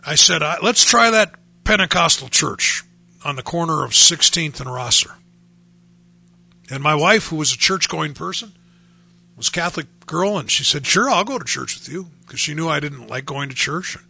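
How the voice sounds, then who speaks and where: A man's voice: a little high, lively intonation, moderate pace, creaky, bright, forceful tone, slightly rough. A man telling his personal faith testimony in a conversational way, acting out the voices he quotes. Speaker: speaker sharing his testimony.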